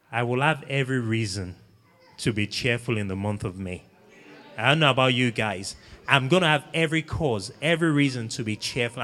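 A man's voice: medium pitch, a bit bright, big-room sound. A man preaching a sermon, earnestly urging his listeners and repeating key phrases. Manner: earnest exhortation, repeating phrases, sings snatches of a hymn.

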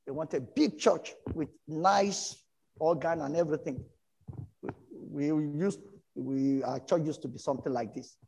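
A middle-aged man from Nigeria with a Nigerian English accent, preaching a sermon and telling stories from his own life, animated and breaking into shouts. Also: fairly high pitch, measured pace, creaky, breathy edge, poor audio. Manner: animated storytelling, bursts into shouts. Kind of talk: sermon with personal testimony.

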